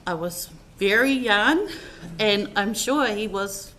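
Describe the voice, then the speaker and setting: In a slow, expressive, mid-range voice with a fairly bright tone, a woman gives a heartfelt, rambling eulogy full of fillers and personal stories. She is a family member paying tribute at a funeral service, and the recording carries a faint hiss or hum.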